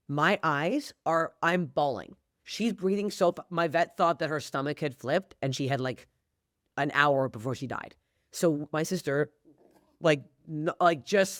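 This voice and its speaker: A woman from Canada, a comedian guest on a podcast, telling stories in an animated, profane way. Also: low voice, no echo, clean studio sound. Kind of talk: casual podcast chat.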